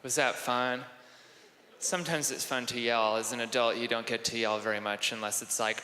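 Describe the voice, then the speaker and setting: A man doing stand-up comedy with crowd work, animated and self-mocking, on stage before an audience. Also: medium pitch, moderate pace. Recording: echoey hall, live stage.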